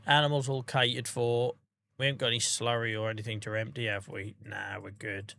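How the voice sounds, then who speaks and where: A laid-back man with a Norfolk accent talks to his stream chat as he plays. His voice is bright and forward, at a middle pitch, and he rambles easily between the game and the viewers. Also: little pitch movement, brisk, creaky, no echo. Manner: chatty, laid-back, talking to chat while playing. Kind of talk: casual gaming stream chat.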